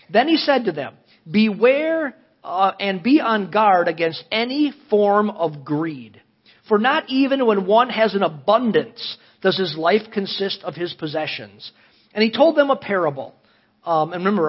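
A man preaching to a congregation, earnest and emphatic, his voice rising high as he questions them. His tone has a husky edge, and the recording sounds dull and lo-fi. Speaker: pastor. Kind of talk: sermon with scripture reading. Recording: dull lo-fi audio.

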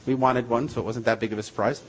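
A man's voice: medium pitch, fairly even intonation, quick pace, noisy background. A man, a missionary, preaching a sermon and telling a story in an emphatic, repetitive way.

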